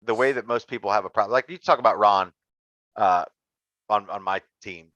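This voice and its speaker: A man's voice: on the low side, fairly quick, fairly bright tone, no room sound, lo-fi sound. Man guesting on a podcast, blunt and joking, dry close sound. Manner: blunt, joking, folksy grammar. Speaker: podcast guest, sim racer. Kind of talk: casual podcast chat.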